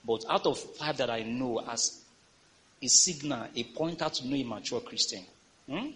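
A man's voice: mid-range voice, moderate pace, a little hiss or hum. A male pastor preaching a sermon in a church, reading scripture and calling on the congregation to respond. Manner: lively preaching with call-and-response.

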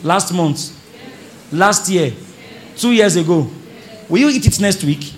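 At a church service, a pastor preaches an animated sermon to his congregation, imitating churchgoers and urging the audience to respond. His voice sits high and he takes it slowly, with a little hiss or hum audible.

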